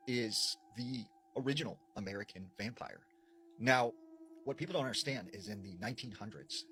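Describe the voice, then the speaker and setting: A man casually retelling a paranormal story, conversational and animated, with frequent fillers. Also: fairly low pitch, a little hiss or hum, rough recording. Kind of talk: casual spoken scary storytelling.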